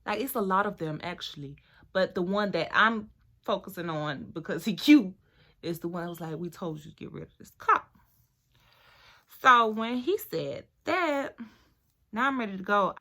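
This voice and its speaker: A young woman vlogger chatting through a storytime while doing her hair, animated and talkative, sometimes dropping to a hushed voice. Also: mid-range voice, moderate pace. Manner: animated, chatty, drops to near-whisper at times.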